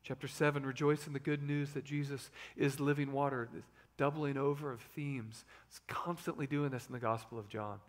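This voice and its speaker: A man in his thirties preaching a sermon as pastor, swinging between loud emphasis and hushed asides. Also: medium pitch, steady tone, normal speed, few pauses.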